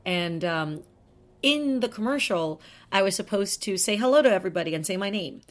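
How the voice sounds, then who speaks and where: A woman's voice: medium pitch, animated, normal speed. A woman hosting a podcast, talking in a chatty, rambling, self-deprecating way. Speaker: podcast host. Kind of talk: casual chat monologue.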